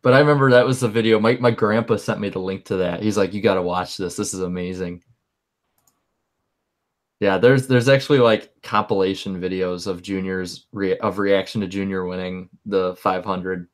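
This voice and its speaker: A young man co-hosting a podcast, talking casually and animatedly, rambling and repeating words when he gets excited. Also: low voice, a little fast, hardly any pauses. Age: young adult. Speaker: podcast co-host. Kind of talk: casual chat.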